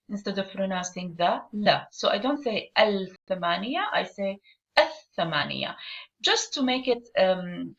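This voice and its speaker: In an online language lesson, a woman teaching Arabic walks through the material step by step and quizzes her learners. Her voice is mid-range and fairly bright, though the lo-fi recording sounds dull.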